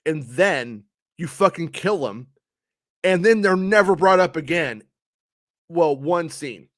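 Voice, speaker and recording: A man's voice: a little high, lively intonation, takes it slowly, a bit bright, no echo, studio quality. A man giving a casual spoken review of a show, frustrated and ranting, swearing often.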